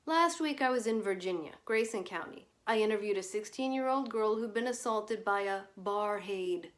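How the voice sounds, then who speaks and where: A glib male journalist, as a woman reader puts him on, talks in a breezy, sardonic, lecturing way. He sounds like he has an easy answer for everything. The voice sits in an ordinary middle pitch. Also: lively intonation, moderate pace, lightly acted. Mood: storytelling. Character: glib wisecracking male journalist, cynical debunker.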